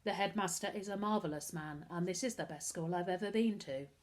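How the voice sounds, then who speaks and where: A woman's voice: fairly low pitch, fairly quick, close to an everyday voice. A woman reading aloud and voicing a miserable young girl who speaks in a stiff, subdued way.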